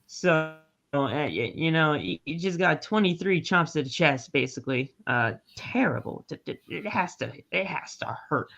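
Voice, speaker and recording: A man's voice: a little high, lively intonation, normal speed, vocal fry, fairly bright tone. A man co-hosting a podcast in casual chat, laid-back, swearing and laughing often. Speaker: podcast co-host. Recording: dull lo-fi sound.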